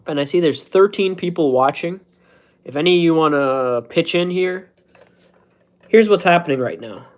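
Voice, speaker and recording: A man's voice: on the high side, moderate pace. Rambling, joking man streaming live. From United States. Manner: joking, self-mocking, laughs at his own jokes. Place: at home, indoors.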